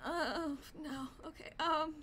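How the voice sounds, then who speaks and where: A woman with a high, bright voice talks through a horror game as a streamer. She is jumpy and easily startled, gasping and cursing as she goes, but keeps an unhurried pace between frights. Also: fairly even intonation, a little hiss or hum. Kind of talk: live game commentary.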